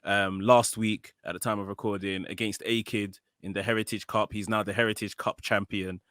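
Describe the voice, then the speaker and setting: A man in casual podcast chat, lower-pitched with a bright, forward tone. He talks through the news in an easy way with plenty of fillers. The recording is dry and close. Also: moderate pace, dry recording. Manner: informed, relaxed commentary with fillers. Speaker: podcast co-host.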